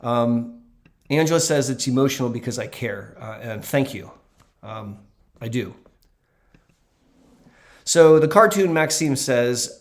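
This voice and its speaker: A man's voice: medium pitch, lively intonation, a little slow, pauses often. A man who works as a doctor, talking in a casual livestream Q&A and answering viewer questions in an earnest, emphatic way with frequent ums.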